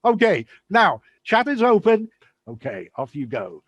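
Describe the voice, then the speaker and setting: Giggly, lively husky-voiced man host. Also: high-pitched, a little slow, no echo, lo-fi sound. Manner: giggly, rambling, playful. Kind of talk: casual live show chat.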